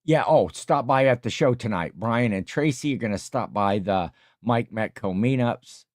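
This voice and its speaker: A man hosting a casual livestream, reading viewer comments aloud and rambling with many pauses. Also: mid-range voice, expressive, dry recording, studio quality. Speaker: livestream host.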